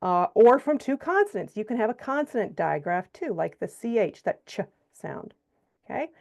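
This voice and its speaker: Woman teaching phonics, slow and clear. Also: mid-range voice, very animated, a little mellow. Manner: explains step by step, checks in with frequent okays and all rights; sounds out syllables slowly and stretches example words. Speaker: reading teacher trainer. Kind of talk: instructional presentation.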